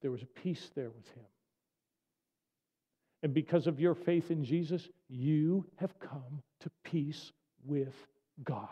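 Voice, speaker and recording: A man's voice: fairly high pitch, slow pace, slightly rough. Man preaching in a reverberant hall. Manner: conversational storytelling, many restarts and asides. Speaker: pastor. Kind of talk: sermon. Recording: dull sound, long reverb.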